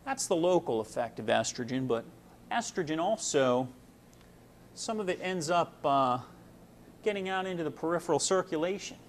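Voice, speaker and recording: A man's voice: on the high side, expressive, normal speed, slight background noise. A man giving a casual medical lecture, folksy and full of fillers, explaining with homely analogies.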